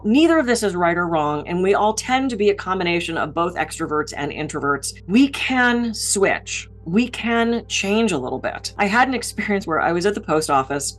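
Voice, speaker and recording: A middle-aged woman from Pittsburgh giving a motivational talk as a keynote speaker, with a high-energy and direct delivery. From Pittsburgh, USA.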